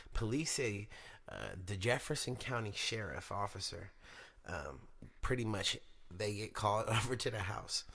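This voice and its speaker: A young man hosts his own podcast with a slangy, profane, hyped-up delivery. His voice sits somewhat low, yet it comes across bright and forceful, with energy pushed straight at the listener. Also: gravelly, breathy edge. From Sacramento, California. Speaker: podcast host. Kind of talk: casual monologue podcast.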